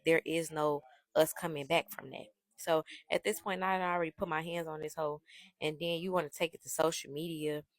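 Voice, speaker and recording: Brash, low-voiced woman telling a story. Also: no room sound. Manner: brash, profane, animated retelling. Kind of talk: casual storytime.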